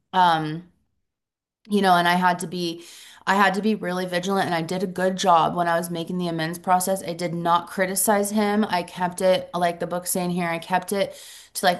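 A middle-aged woman sharing her story at a support meeting, earnest and reflective, pausing often and restarting her sentences. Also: lowish voice. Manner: halting, earnest, reflective, many pauses and restarts. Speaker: recovery group member sharing.

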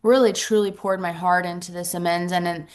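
A middle-aged woman sharing her story at a support meeting, earnest and reflective, pausing often and restarting her sentences. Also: lowish voice, fairly even intonation. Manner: halting, earnest, reflective, many pauses and restarts. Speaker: recovery group member sharing.

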